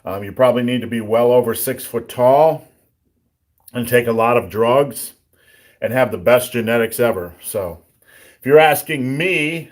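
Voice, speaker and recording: Male strength coach hosting live viewer Q&A, sore throat, frequent throat-clearing, blunt plainspoken answers with dry jokes. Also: medium pitch. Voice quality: throat-clearing, a bit rough. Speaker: livestream host answering viewer questions. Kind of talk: casual live Q&A on strength training.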